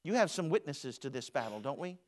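A man preaching a sermon in a church auditorium, swinging from loud declarations to hushed asides. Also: a little high, very animated, a little fast.

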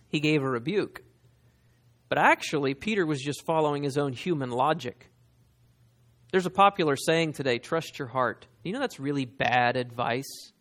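A man preaching a sermon, talking straight to his listeners and reading scripture slowly and with weight. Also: fairly high pitch, a bit bright. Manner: reads scripture slowly and with emphasis, talks to listeners directly.

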